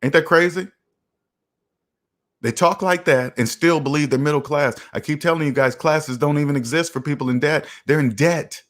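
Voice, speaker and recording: A man's voice: a little high, moderate pace. A man hosting a finance livestream. He lectures emphatically, repeats lines for effect and answers chat comments in a preachy manner. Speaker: finance channel host.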